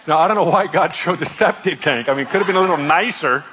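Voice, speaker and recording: A man's voice: fairly high pitch, fast, a crowd in the background, noisy background. Candid storytelling male pastor. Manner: candid, self-deprecating, animated storytelling. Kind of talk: sermon storytelling.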